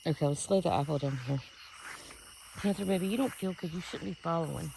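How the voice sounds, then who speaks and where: A vlogger in a rural yard at night, puzzled and talking in hushed bursts into a handheld phone. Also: mid-range voice, a little fast, gravelly, slight background noise, poor audio. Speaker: vlogger investigating sounds. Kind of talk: casual outdoor vlog. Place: outdoors at night in a rural yard by a wooded ridge.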